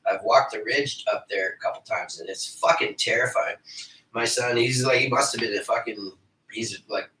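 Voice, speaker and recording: A man in his forties rambles on in a loose, profane monologue, excitable and quick to laugh. His voice is very bright and sharp-edged. He sits well back from the mic in an echoey room. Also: mid-range voice, far from the mic. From Canada. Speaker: livestream host.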